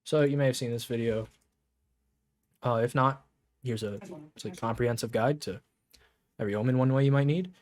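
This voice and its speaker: A man coaching players on a shooter game, talking casually to camera with lots of fillers and restarts, then turning lively and emphatic. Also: medium pitch, fairly quick, pauses often. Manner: rambling with many fillers, grows lively and emphatic.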